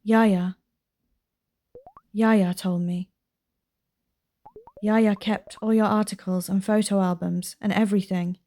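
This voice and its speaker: A woman voicing a gentle, earnest grown daughter, reading game dialogue aloud. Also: medium pitch, level tone, takes it slowly, long pauses.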